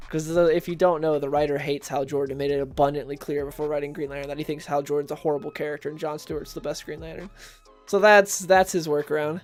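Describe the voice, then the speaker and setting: A man's voice: a little high, flat delivery, quick pace, faint music behind. A man hosting a casual livestream about comics, chatting with viewers and reading recaps aloud. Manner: chatty, reads chat and recaps aloud, laughs at own jokes.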